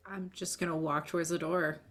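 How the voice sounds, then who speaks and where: A woman player in a tabletop game, speaking casually and calmly about her character's moves. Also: fairly low pitch, fairly quick, noisy background.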